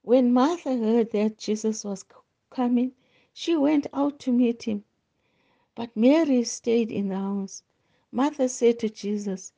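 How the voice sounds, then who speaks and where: A woman hosting a devotional, slowly reading Bible passages aloud with small stumbles. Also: fairly high pitch, gravelly, mellow, dull audio. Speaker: devotional host. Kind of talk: slow scripture reading.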